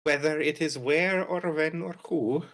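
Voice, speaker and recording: A man voicing a solemn adventurer who speaks slowly and formally, in a tabletop game. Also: a little high, creaky, fairly bright tone. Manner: slow, deliberate, formal speech. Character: slow gravelly storytelling adventurer, solemn. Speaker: player character.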